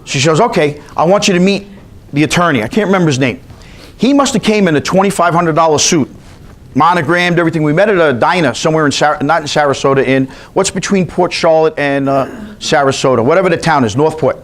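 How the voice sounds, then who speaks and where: A man's voice: fairly high pitch, quick pace. A man from New York teaching a continuing education class, telling chatty stories and quizzing his audience. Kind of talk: storytelling lecture to a class.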